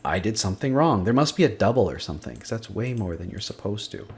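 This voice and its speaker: A man's voice: on the low side, sing-song, quick pace, noisy background. A man teaching a screen-recorded spreadsheet lesson, thinking aloud and muttering to himself as he works. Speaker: instructor. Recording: faint clicking and typing behind.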